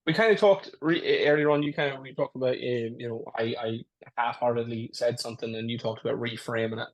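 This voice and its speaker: Rapid earnest man. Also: mid-range voice, fairly even intonation. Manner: rapid, earnest, often says "it's like, listen". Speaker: podcast co-host. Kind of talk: casual chat.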